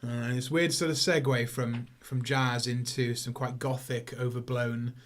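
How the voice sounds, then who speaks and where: A man's voice: mid-range voice, flat delivery, normal speed. A man hosting a casual film review podcast, talking in a rambling, stop-start way. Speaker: podcast host.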